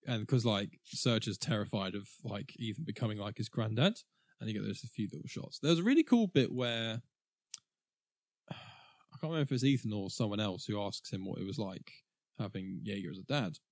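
A podcast co-host rambles casually about a film in a relaxed review chat, laughing often. His voice sits on the low side at normal speed, recorded with studio quality and no echo.

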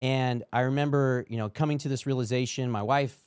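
A man's voice: medium pitch, fairly even intonation, fairly quick, a little mellow, clean tone, no echo. Earnest man telling his testimony, dry sound. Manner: earnest storytelling, acts out quoted dialogue. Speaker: podcast guest. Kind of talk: testimony in casual chat.

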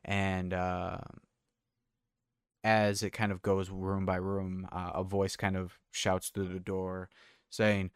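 A man narrating a tabletop game as game master, halting and full of fillers. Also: low voice, completely flat delivery, clear, resonant tone, no echo, clean studio sound.

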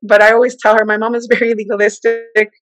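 A woman in her forties tells her personal testimony in conversation. She is an animated storyteller who acts out the voices she quotes. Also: a little high, quick pace, no room sound, soft background music, low-quality recording. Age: 40s. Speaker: guest.

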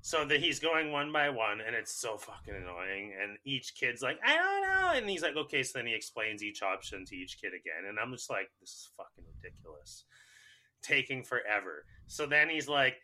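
A Canadian man cohosting a podcast, telling animated stories in casual chat and swearing a lot. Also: medium pitch, moderate pace, hardly any pauses, rough recording.

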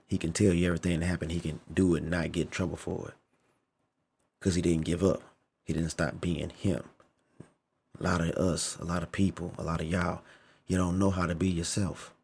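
Ranting his opinions casually and forcefully, this adult vlogger swears heavily, leans on slang and says things twice for stress. His voice sits low and sounds mellow with a touch of roughness.

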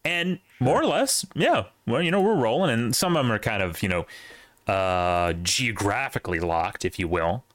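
A man's voice: fairly low pitch, lively intonation, normal speed, a bit bright, no echo. A young man hosting a podcast in casual chat, rambling with restarts and asides. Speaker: podcast host.

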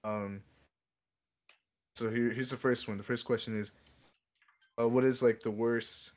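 A man's voice: mid-range voice, steady tone, measured pace, a little mellow. A young man hosting a podcast, casually asking questions and correcting himself as he goes. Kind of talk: casual chat.

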